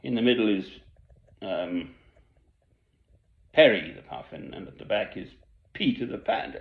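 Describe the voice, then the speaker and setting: Older man, low gravelly voice, rambling and musing to camera, recorded tinny. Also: lively intonation, measured pace, long pauses. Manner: musing, wandering, swings between loud and hushed. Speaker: self-made video speaker. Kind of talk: rambling personal monologue. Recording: echoey room, tinny phone-like sound.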